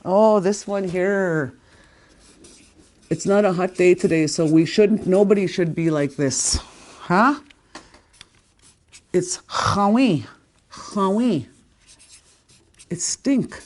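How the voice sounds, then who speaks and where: Woman w a lowish voice running a chatty language lesson, says words slow n repeats them w big emphasis. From Canada. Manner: animated, stresses words strongly when saying them; repeats words slowly for learners. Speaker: language teacher. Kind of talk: casual spoken lesson.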